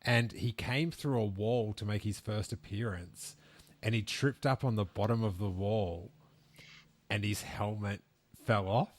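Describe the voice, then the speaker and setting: A man's voice: lowish voice, measured pace. A man hosting a podcast, chatting casually and rambling with many restarts. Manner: rambling, with frequent restarts and fillers. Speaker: podcast host. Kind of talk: casual chat about collectibles.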